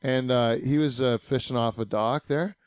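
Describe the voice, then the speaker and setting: A man hosts a loose, casual podcast conversation. He rambles and jokes, spinning out long what-if scenarios at a middling pitch. The sound is dry and close, with no room echo. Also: normal speed, smooth. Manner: rambling and joking, spins hypotheticals. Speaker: podcast host.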